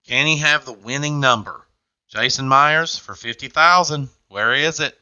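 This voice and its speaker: A man's voice: medium pitch, moderate pace, pushed and bright, clear, resonant tone, no room sound, muffled recording. A man hosting a game show, with upbeat, jokey patter.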